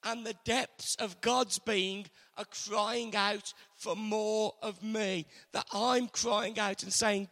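A man preaching a sermon earnestly, moving between loud emphasis and hushed, intimate passages. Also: sits high, steady tone, slow. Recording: long hall reverb.

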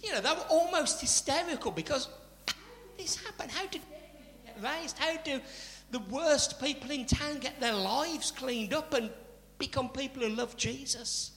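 A man preaching a sermon, chatty and animated, with asides to the congregation. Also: extremely high pitch, normal speed. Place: church. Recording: church hall reverb, faint hum.

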